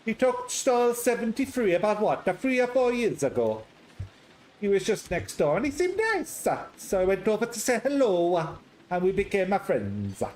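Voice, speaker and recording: A man's voice: high-pitched, very animated, moderate pace, a little mellow, a little hiss or hum, pitched above the performer's own voice, rough recording. A man putting on an Italian accent to voice a blunt, flirtatious woman stallholder, exuberant and theatrical. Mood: teasing. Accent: put-on Italian.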